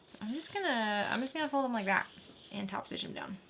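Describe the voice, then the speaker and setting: A woman's voice: a little high, expressive, fairly quick, gravelly, very noisy. A woman hosting a casual sewing tutorial, chatting and laughing with viewers while she works. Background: faint sewing machine whir.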